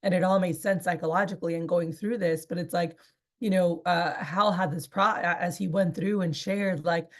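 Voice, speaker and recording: A woman's voice: on the low side, steady tone, normal speed. A woman in her thirties leading a sales training session, chatty and rambling with many fillers. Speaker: sales team leader. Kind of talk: casual training talk.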